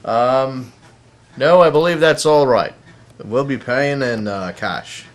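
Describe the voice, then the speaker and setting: A man playing a clumsy fake-Australian pizza caller, halting and overly polite, with many uhs. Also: mid-range voice, close to an everyday voice.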